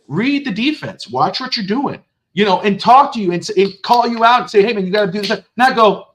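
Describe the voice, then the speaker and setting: A man co-hosting a casual sports podcast, animated and cursing, acting out quotes. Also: brisk. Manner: animated, swears, acts out quotes in a high excited voice. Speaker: podcast co-host.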